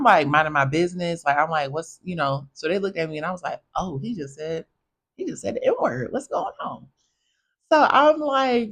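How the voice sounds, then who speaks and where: Chatty, animated woman telling stories. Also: low-pitched. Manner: animated, chatty, addresses listeners as y'all. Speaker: podcast host. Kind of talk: casual storytelling monologue.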